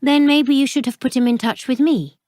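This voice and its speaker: A sharp, wary young bookshop owner, read by a woman narrator, polite on the surface and guarded underneath. Her voice sounds dry and close. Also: high voice, fairly even intonation, moderate pace, no room sound, voice pushed up, close to an everyday voice.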